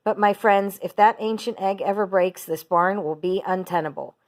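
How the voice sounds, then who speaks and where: A woman voicing a wise, kind female spider in a read-aloud storybook, sweet and calm. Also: medium pitch, normal speed, lightly acted. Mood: gentle.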